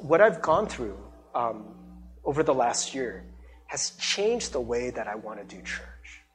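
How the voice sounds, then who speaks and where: A male pastor preaching with a lively, swooping voice that sits a little above the usual male range. He tells his story casually, laughs often and slips into the voices of the people he quotes. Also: on the high side. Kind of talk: sermon with personal storytelling.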